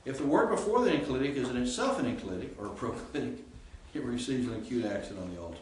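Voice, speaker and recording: Explaining grammar to his class in a relaxed way, a Greek professor checks in with students often. He's a fast talker with an expressive, mid-range voice, recorded from a distance in an echoey room with faint hiss.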